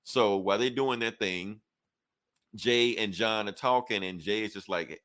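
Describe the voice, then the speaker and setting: A lower-voiced man chats casually about comics, rattling through the story and slipping into quick voices for each character. His talk is loose, full of fillers and asides to his co-host. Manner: animated retelling that acts out characters' lines in quick quoted snippets. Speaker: podcast co-host reviewing comics. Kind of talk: casual comic review chat, retelling plot.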